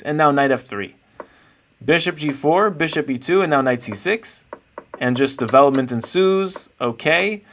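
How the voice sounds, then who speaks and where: A man's voice: a little high, a bit bright. A man streaming live, chatting casually and playfully with his viewers while he rates chess games. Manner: chatty, playful, thinks aloud while searching.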